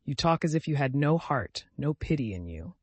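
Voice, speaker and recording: A man's voice: a little high, big pitch swings, normal speed, husky, dry recording. A man reading the part of a grave older male painter, earnest and pleading, in a dry recording. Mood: pained.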